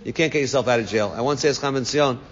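Quick-talking man teaching a Talmud class. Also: mid-range voice, crowd noise. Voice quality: quick, translates each Aramaic phrase into English. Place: classroom with students. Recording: dull lo-fi recording, long reverb.

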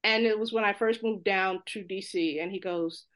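A woman from New York telling funny stories in casual talk, fast and animated, laughing and acting out other people's voices. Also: medium pitch.

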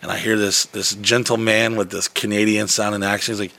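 A man's voice: lowish voice, steady tone, a little fast, gravelly, few pauses, pushed and bright, no room sound. A man telling a long story in casual chat, profane and rambling, acting out the people in it.

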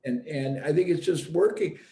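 A man with a gravelly, mellow voice, thinking aloud in a relaxed chat and restarting his phrases as he looks for words. His voice rings a little in an echoey room. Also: on the high side, normal speed. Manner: thoughtful, restarts, searching for words. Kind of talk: reflective conversational chat.

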